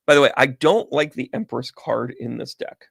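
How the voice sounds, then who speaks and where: Guy with a bit of a gravelly voice doing a chatty livestream, close dry mic, rambles and talks to chat. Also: medium pitch, lively intonation, normal speed, a bit bright, no echo. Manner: chatty, rambling storyteller, talks to viewers by name. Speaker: psychic medium host. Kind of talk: casual livestream chat with tarot reading. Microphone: sensitive close microphone.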